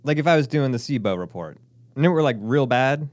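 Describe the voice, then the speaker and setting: A man co-hosts a podcast in casual conversation, joking around and laughing often. His medium-pitched voice is animated and fairly quick, recorded at studio quality with no room sound.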